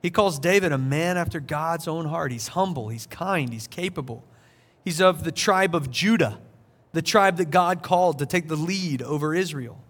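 A man in his thirties preaching a sermon, retelling a story in a casual, animated way with playful voiced asides. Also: fairly high pitch, normal speed. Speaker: pastor.

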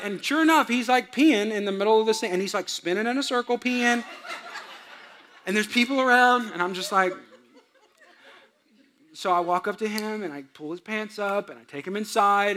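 High-voiced bright pastor preaching. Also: male voice, lively intonation, quick pace. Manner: storytelling, acts out quotes, laughs with the audience. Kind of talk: sermon.

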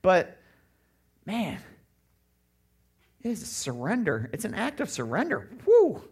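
A middle-aged man preaching a sermon as pastor, animated and lively, often breaking into loud mocking voices. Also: sits high, a little slow, slightly rough.

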